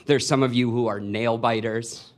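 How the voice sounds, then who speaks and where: A man's voice: medium pitch, steady tone, normal speed. A man in his twenties telling a personal story live on stage, in a wry, confessional way. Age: 20s. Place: stage before a live audience.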